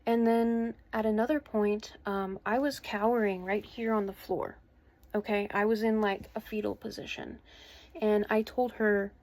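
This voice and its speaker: A woman's voice: mid-range voice, steady tone, a little mellow. Hesitant earnest woman in her twenties. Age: 20s. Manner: hesitant and earnest, with many pauses and restarts. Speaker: vlogger. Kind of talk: personal account to camera. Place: her bedroom at home.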